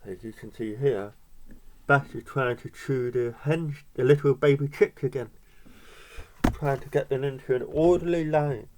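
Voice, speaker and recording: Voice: mid-range voice, a little slow, a little mellow, a little hiss or hum. A parent reading a picture book aloud to a child, breaking off for chatty asides and little laughs.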